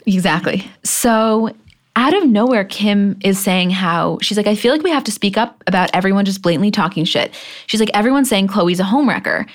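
Fast-talking gossipy young woman. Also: mid-range voice, expressive. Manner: fast, gossipy, swears casually. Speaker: podcast co-host. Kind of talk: casual chat recapping a TV show.

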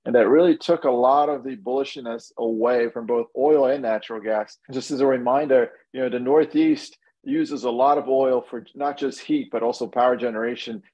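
A man, a guest energy analyst, explaining markets in a brisk, analytical way with frequent restarts, heard over a video call. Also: medium pitch, fairly even intonation, warm tone, lo-fi sound. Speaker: senior oil and gas analyst, guest. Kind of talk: expert commentary.

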